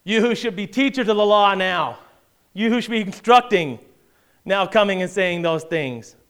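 A man's voice: sits high, moderate pace, a bit bright, clean tone. A middle-aged man preaching a sermon, reading scripture aloud and building intensity as he speaks. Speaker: pastor.

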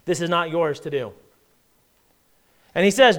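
A man's voice: high voice, expressive, moderate pace, pauses often. A middle-aged man preaching a sermon, reading scripture aloud and building intensity as he speaks. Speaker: pastor.

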